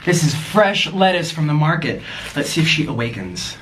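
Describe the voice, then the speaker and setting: A man's voice: on the high side, sing-song, moderate pace, a bit bright, slight background noise. A young man chatting casually as he eats on camera, gushing and cooing at his pets in baby talk. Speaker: vlogger. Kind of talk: casual mukbang chat.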